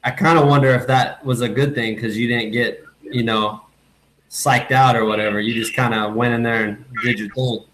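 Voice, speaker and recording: A man hosting a podcast, asking relaxed follow-up questions in a casual chat. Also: mid-range voice, moderate pace, rough recording. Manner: relaxed, laughs along, asks follow-up questions. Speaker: podcast host. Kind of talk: casual interview.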